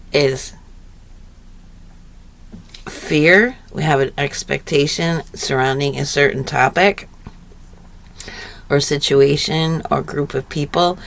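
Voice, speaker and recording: Slow-talking woman, laughing through stories. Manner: laughs often while telling stories; animated retelling, rising pitch when excited. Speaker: vlogger. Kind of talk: reflective spiritual talk.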